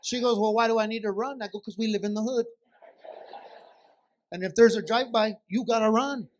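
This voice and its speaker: A man's voice: high voice, brisk. A man performing a stand-up comedy set on stage, telling stories and acting out a back-and-forth with his wife. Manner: animated storytelling, acts out wife and himself. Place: comedy stage at a benefit show.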